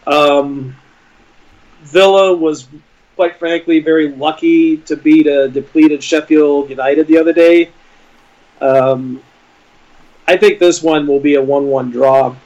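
A man co-hosting a casual football prediction chat, measured and using fillers. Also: a little high, fairly even intonation, a little mellow. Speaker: podcast co-host. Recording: dull lo-fi sound.

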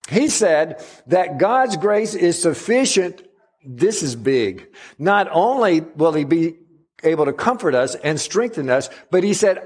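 A man preaching a sermon as pastor, with dramatic pauses and slowed, emphatic phrases. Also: a little high, husky.

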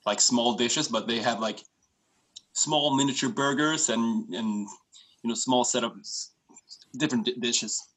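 A man's voice: mid-range voice, unhurried, fairly bright tone, poor audio. A man chatting casually as a podcast guest, telling stories in an easygoing way. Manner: storytelling, easygoing. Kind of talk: casual chat.

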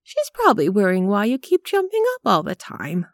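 A genteel, precise old lady with a pitched-up, sweetly polite voice, as a woman reads her. She speaks gently but always carries a dry edge of disapproval. The sound is close and dry, with no room around it. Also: huge pitch swings, fairly quick, no echo. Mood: prim. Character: prim, gently sharp-tongued elderly woman. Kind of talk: audiobook character reading.

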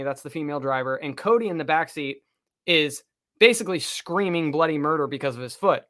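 A man telling a story in casual chat, animated, swearing freely and acting out what people said. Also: on the high side, normal speed. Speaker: podcast guest telling a story.

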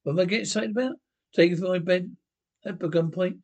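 An actor playing a pompous, fussy teetotal town judge and mayor in a 1960s comedy film, speaking with indignant outrage. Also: male voice, high-pitched, quick pace, darkish tone. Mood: outraged.

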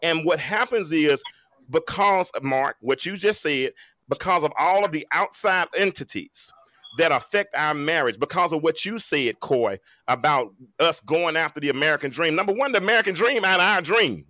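A man's voice: on the high side, lively intonation, moderate pace, sharp tone, dry recording. A man in his forties speaking on a talk show panel, emphatic and preacherly, with folksy jokes. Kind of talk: animated panel discussion.

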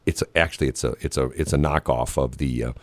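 A man hosting a radio show, telling a story in casual on-air chat, animated and laughing often. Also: very deep voice, quick pace, no echo. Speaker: radio host.

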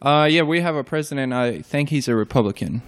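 A young man answering interview questions hesitantly, with many pauses and fillers and short replies. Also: medium pitch, lively intonation. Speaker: interview guest.

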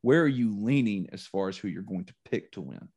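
A middle-aged man hosting a casual sports podcast, telling stories animatedly with dramatic, shouted re-enactments. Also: lowish voice, animated, a little fast, husky. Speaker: podcast host.

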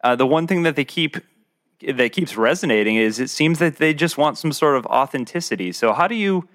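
A man co-hosting a podcast, asking long questions in a halting way full of restarts. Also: fairly high pitch, lively intonation, a bit bright. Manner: halting, many restarts while framing questions. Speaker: podcast co-host. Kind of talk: casual interview chat.

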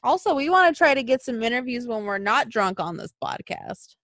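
High-voiced swearing woman. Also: lively intonation, a little fast, no room sound, studio quality. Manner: profane, venting, swings between mumbling and loud outbursts. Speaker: podcast co-host. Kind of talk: casual chat.

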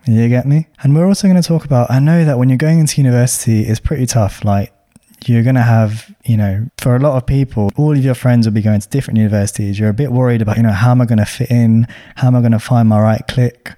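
Casting: young man, mellow tone, chatty podcast host, full of slang. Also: mid-range voice, steady tone, fast. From London. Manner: chatty, with lots of slang and fillers. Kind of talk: casual advice chat.

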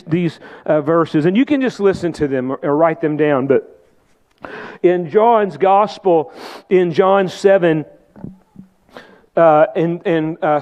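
High-voiced man preaching a sermon. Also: dull audio. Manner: impassioned preaching, rising to shouts; repeats "come on" to the congregation. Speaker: pastor.

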